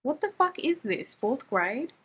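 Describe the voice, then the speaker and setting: Casting: a battered, earnest young guy who rambles in slang, read by a woman in a husky voice. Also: high-pitched, big pitch swings, unhurried, a bit bright, voice pushed up, heavily acted. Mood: sheepish. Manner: rambling, casual slangy talk.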